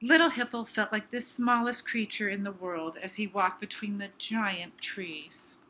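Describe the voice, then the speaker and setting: A woman reading a picture book aloud to children, slow with expressive emphasis. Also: medium pitch, slight background noise. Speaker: storybook reader.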